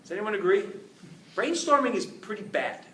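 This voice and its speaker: A man giving an energetic talk to a live audience, joking and putting questions to the crowd. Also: high-pitched, moderate pace. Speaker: speaker giving a talk on innovation. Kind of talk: lively presentation to a live audience. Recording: roomy, distant mic with faint noise.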